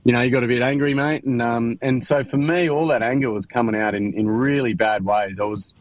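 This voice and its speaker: A man's voice: mid-range voice, fairly even intonation, fairly quick, no room sound, rough recording. A man with an Australian accent, a podcast guest telling his life story in a frank, slangy way, with many restarts and fillers. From Queensland, Australia. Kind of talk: candid interview storytelling.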